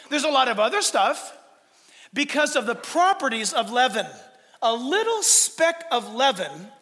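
In a church, a man with a very high, sharp voice preaches a sermon as pastor, sounding like he's in a large hall. He is emphatic and fills his preaching with rhetorical questions.

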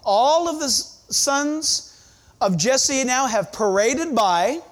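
A male pastor preaching a sermon in church, emphatic, with dramatic pauses. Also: very high voice, lively intonation.

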